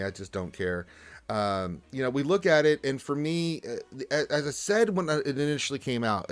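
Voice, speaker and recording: A man's voice: medium pitch, fairly bright tone. A man hosting a casual gaming livestream, talking in a rambling way with lots of fillers and repeated words. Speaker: livestream host and game tester.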